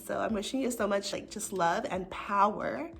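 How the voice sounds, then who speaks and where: A woman's voice: mid-range voice, moderate pace, creaky. A young American woman telling personal stories in a casual, earnest way, leaning heavily on "like" as she talks to her viewers. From United States. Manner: chatty, earnest, filler-heavy with frequent "like". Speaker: spiritual vlogger. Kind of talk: casual heartfelt storytelling. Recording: soft music in the background.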